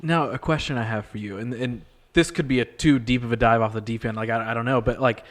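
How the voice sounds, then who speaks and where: A man's voice: medium pitch, steady tone, quick pace. A man hosting a podcast, talking in a casual, reflective way and asking long, hedging questions. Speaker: podcast host. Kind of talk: casual interview chat.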